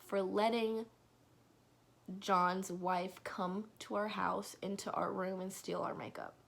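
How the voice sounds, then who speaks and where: Young woman vlogging a storytime, slow drawl with a gravelly edge, rambly, slips into whispers. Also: medium pitch, fairly bright tone. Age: young adult. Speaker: vlogger telling a personal story. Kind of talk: casual storytime chat.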